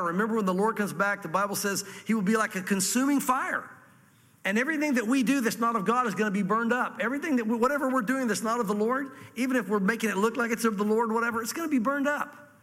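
A man preaching a sermon in church, reading scripture slowly and explaining it in a plain, earnest way. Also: very high voice, a bit bright, big-room sound. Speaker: pastor.

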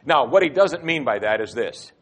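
A man preaching a sermon with expressive delivery, swinging between loud emphatic phrases and quiet asides. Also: mid-range voice, normal speed. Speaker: pastor.

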